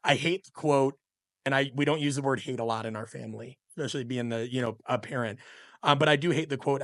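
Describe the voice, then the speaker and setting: A middle-aged man in the middle of a podcast conversation, talking with fired-up conviction and pressing his points hard. His pitch sits in an ordinary middle range, and the recording is close and dry. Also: fairly quick, a bit bright, no room sound. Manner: passionate and ranting, emphatic. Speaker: guest, coach and author.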